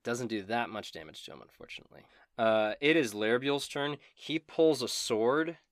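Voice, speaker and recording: A man's voice: mid-range voice, animated, a little hiss or hum. A man running a tabletop game as game master, narrating in a casual, profane way. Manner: casual, profane, quick asides.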